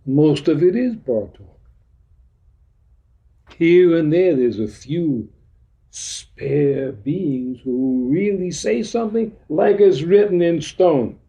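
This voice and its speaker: Male teacher, dark mellow tone, blunt slangy delivery, pitched a bit high. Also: expressive, slow pace, vocal fry. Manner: blunt streetwise slang, acts out dialogues. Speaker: spiritual teacher. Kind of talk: informal teaching talk to a group. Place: meeting room.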